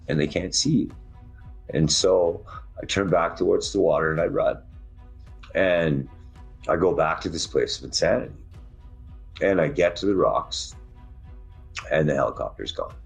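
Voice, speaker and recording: A man with a very deep, husky voice tells his survival story first-hand. He speaks rawly and intensely, his voice rising and falling with feeling, over faint music. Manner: raw, intense, voice rising and dropping with emotion. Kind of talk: emotional first-person storytelling.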